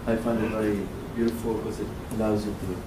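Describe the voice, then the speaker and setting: Soft-spoken man teaching songs in a hall. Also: on the low side, level tone, quick pace, noisy background. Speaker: song leader. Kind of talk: teaching and singing melodies. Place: large hall with audience. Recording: echoey hall, far mic, loud music.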